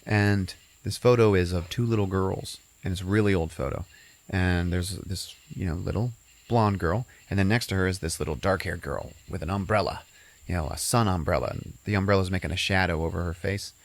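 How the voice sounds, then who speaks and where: A man with a very low voice recaps a film in a loose, rambling way. He fills the story with "uh" and "you know" as he goes. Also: a little fast. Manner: rambling, full of fillers. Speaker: podcast host. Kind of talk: casual movie recap.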